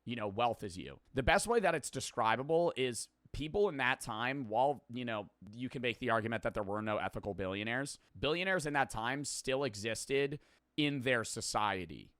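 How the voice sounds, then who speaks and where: A man's voice: mid-range voice, expressive, normal speed, a bit bright, no room sound, studio quality. A man hosting a video reaction, rambling casually, swearing freely and laughing at himself. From United States.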